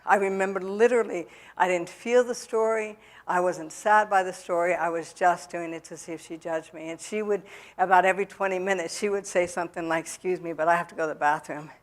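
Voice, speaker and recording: A woman's voice: on the low side, steady tone, a little fast. A middle-aged woman giving a personal testimony in a church, talking candidly and plainly, with many fillers and restarts as she tells her story. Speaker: recovery speaker. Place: church hall.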